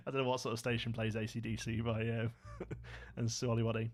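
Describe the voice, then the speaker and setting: A man's voice: medium pitch, completely flat delivery, fairly quick, few pauses, darkish tone, soft background music. A man from Birmingham with a Brummie accent, hosting a live gameplay stream in a casual, chatty way, laughing often and answering viewer comments. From Birmingham, England. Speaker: livestream host.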